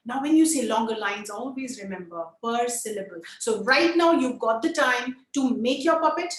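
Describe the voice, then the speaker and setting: A woman with a high voice leads an online puppetry workshop, demonstrating as she explains. She coaxes the group to join in and try each step with her. The sound carries a noticeable room echo. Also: expressive, moderate pace.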